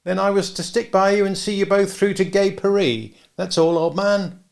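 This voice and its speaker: A man's voice: high voice, moderate pace, creaky, voice pushed up. A man voicing a jumpy, hearty middle-aged British army man with a faint odd brogue, talking in a chummy, blustering way in an audiobook. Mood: bluff. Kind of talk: audiobook character voice.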